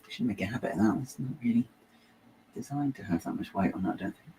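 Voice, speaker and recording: Rambling low-voiced man chatting while building. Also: animated, quick pace, creaky, background noise. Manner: rambling, self-interrupting, muttering to himself. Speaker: LEGO building channel host. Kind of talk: casual chat while building.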